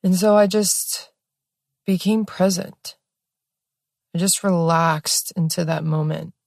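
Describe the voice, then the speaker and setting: A young woman telling a personal story in a casual, expressive way, with lots of fillers and some swearing. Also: fairly low pitch, takes it slowly, vocal fry, dry recording, clean studio sound. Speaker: podcast host.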